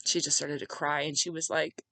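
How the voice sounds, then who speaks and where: Bright-voiced woman telling a family story. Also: deep voice, flat delivery, normal speed, gravelly, no echo, rough recording. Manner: conversational, heartfelt, many filler "like"s. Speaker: podcast host. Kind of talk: personal storytelling monologue.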